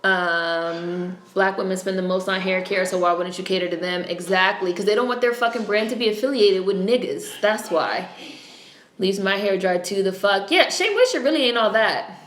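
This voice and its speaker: A woman's voice: mid-range voice, moderate pace, fairly bright tone. A woman with a New York accent hosting a casual livestream, chatting bluntly with lots of swearing. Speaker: livestream host. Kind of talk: casual live-stream chat. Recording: echoey room.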